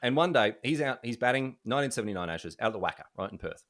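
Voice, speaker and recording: A young Australian man, a journalist, telling jokey anecdotes in a casual, animated way. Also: medium pitch, racing. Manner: animated, jokey, laughs often. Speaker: journalist guest.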